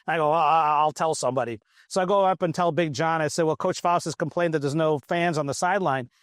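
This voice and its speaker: A man's voice: a little high, fast, no echo, clean studio sound. A man, a former football student manager, telling stories in a casual interview and acting out the people he quotes. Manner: animated storyteller acting out quoted voices. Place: outdoors at a golf event.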